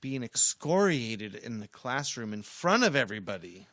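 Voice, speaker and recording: A man in a relaxed podcast chat, rambling through a story and often talking over his co-host. His voice is bright and forward. It sounds dry and close to the mic. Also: mid-range voice, moderate pace, no echo. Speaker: workshop trainer. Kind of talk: casual chat.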